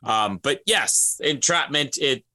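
A man's voice: mid-range voice, animated, takes it slowly, bright, forceful tone. A man co-hosting a podcast in casual chat, wry and explaining at length. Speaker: podcast co-host.

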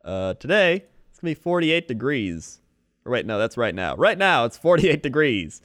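A man co-hosting a comedy podcast, joking in a deadpan way with mock explanations. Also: mid-range voice, normal speed, no echo, studio quality. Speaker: podcast co-host. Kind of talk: casual comedic chat.

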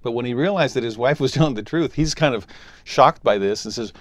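A man of middle pitch telling a scripture lesson as a lively story. He slips into short voices for the people he quotes. The sound is dry and close, with no room around him. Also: a little fast, no echo. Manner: animated storytelling, briefly voicing quoted characters. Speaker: scripture teacher.

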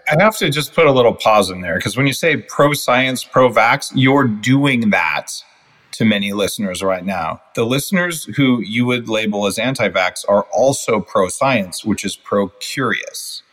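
A man's voice: lowish voice, expressive, normal speed, a bit bright. A man hosting a podcast interview, speaking directly, interjecting and pushing back on his guest. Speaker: podcast host. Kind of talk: casual interview talk.

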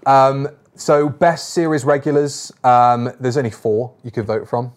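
A man's voice: mid-range voice, little pitch movement, a little slow. A man co-hosting a casual podcast chat, reading out poll results and talking with stumbles and restarts. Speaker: podcast co-host.

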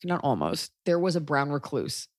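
A woman's voice: sits low, big pitch swings, moderate pace, no room sound, studio quality. A woman in her thirties hosting a podcast in casual chat, blunt and sarcastic, joking and swearing freely. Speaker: podcast host.

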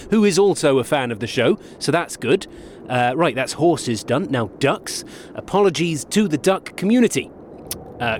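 A cheery male sidekick with a bouncy, lively voice. He rambles, jokes and trips over names. A faint hiss runs underneath. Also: on the high side. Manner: chatty, rambling, jokey. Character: chatty, cheery male sidekick, Watson-like flatmate.

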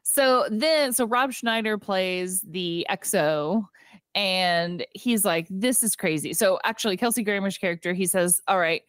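A woman co-hosting a casual movie podcast, retelling scenes and acting out the lines in quick voices. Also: mid-range voice, a bit bright, clean tone, dry recording, studio quality. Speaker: podcast co-host. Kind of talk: casual movie recap chat.

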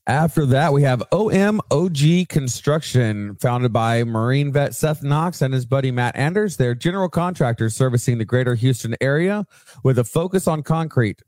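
A man's voice: mid-range voice, animated, normal speed, a little mellow, no echo, studio quality. A man co-hosting a podcast, reading sponsor plugs and chatting casually with asides and swearing. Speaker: podcast co-host.

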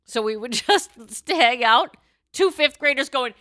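Lively woman podcast co-host, bright tense voice, pitch jumps all over, loud silly shouts, dry close mic. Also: a little slow, no echo. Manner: animated, bursts into loud shouted voices and laughs. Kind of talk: casual chat.

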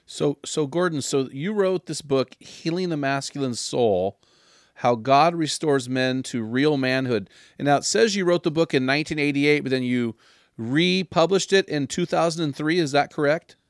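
A man's voice: a little high, moderate pace, no echo. Male radio host, dry close sound. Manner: brief affirmations, reads out book details. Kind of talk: radio interview.

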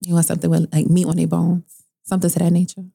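Animated young New woman telling a story. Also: rapid-fire, gravelly, breathy edge. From New York. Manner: animated, jumps high in pitch when quoting people, swears freely. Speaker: guest telling a personal story. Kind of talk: casual storytelling chat.

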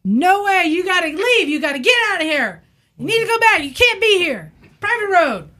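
A woman's voice: sing-song, moderate pace, heavily acted. A woman doing a furious screaming armed man. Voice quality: high, shrill and shouted.

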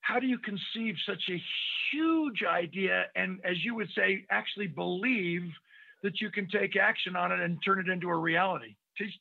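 A man's voice: high voice, vocal fry. A male podcast host interviewing a guest, enthusiastic and asking long winding questions. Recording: tinny phone-like line.

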